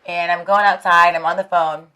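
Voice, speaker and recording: A young adult woman, a fitness trainer, chatting in an interview, an animated storyteller who laughs often and swears freely. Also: on the low side, normal speed, clean tone. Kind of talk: casual interview chat.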